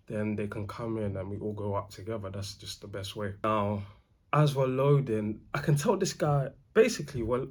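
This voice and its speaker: A young man, rambling through a casual storytime in animated slang. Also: on the low side. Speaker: vlogger.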